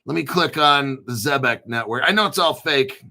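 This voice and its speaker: A man hosting a casual crypto livestream, rambling excitedly with frequent laughs and restarts. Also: medium pitch, moderate pace, gravelly.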